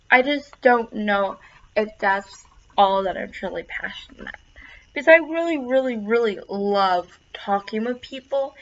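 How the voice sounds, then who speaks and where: A woman's voice: medium pitch, a bit bright, dull audio. A young adult woman, a college student, giving an earnest self-recorded class introduction and repeating words for emphasis.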